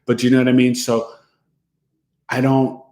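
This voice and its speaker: A man's voice: medium pitch, completely flat delivery, normal speed, a little mellow, roomy sound. A man hosting a podcast as an astrologer, talking loosely and conversationally with lots of fillers and asides. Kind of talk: casual monologue.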